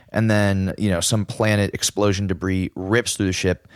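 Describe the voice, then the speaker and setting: Man, deep voice, dry close mic, casual comics podcast, eager. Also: level tone, brisk, few pauses, clean tone, dry recording. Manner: enthusiastic, reads quotes aloud. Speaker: podcast co-host.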